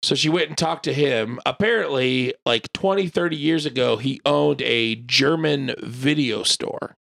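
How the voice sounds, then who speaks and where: Gravelly man telling a rambling story. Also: mid-range voice, unhurried, a bit bright. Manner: rambling, swears casually, fills with "like". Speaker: podcast co-host. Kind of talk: casual storytelling chat.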